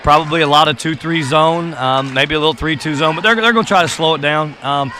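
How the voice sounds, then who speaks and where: The guest is a boys basketball coach chatting courtside in the gym while a game goes on, his casual answers rambling and full of fillers and restarts. He has a high-leaning voice with a sharp tone and a brisk pace, with a little hiss or hum in the audio.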